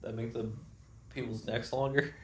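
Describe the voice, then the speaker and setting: A man's voice: medium pitch, little pitch movement, normal speed. A young man co-hosting a comedy podcast, teasing his friends with crude wisecracks. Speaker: podcast co-host. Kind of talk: casual comedy chat.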